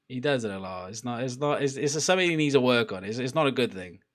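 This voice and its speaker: A man's voice: mid-range voice, a bit bright. A young man giving a casual live reaction to a football match, chatty and laughing, swearing and urging on the players. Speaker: football watchalong streamer.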